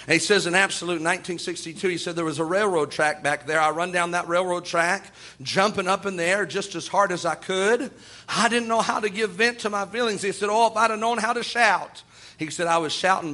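A man's voice: sits high, pushed and bright. A man preaching a sermon in a folksy storytelling way, often chuckling and repeating "oh my".

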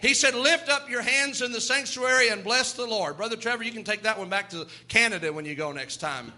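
A male pastor delivering a fervent sermon in a strikingly high, ringing voice. His tone is sharp and bright, and he moves in a rhythmic cadence between scripture readings and exhortation. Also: fairly quick.

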